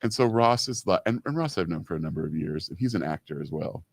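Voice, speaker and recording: A man in his fifties co-hosts a relaxed talk show and tells stories at length, sprinkling in "you know" as he goes. His voice sits very low, and the recording is dry and close, with no room sound. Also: quick pace, gravelly, no room sound. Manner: chatty storyteller, many "you know" fillers. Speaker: co-host. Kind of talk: casual radio-style chat.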